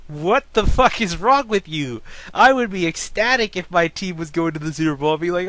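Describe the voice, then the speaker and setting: A man's voice: high-pitched, normal speed, no room sound. A man hosting a casual sports talk show, ranting about fans with plenty of swearing. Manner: ranting, profane, animated. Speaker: podcast host.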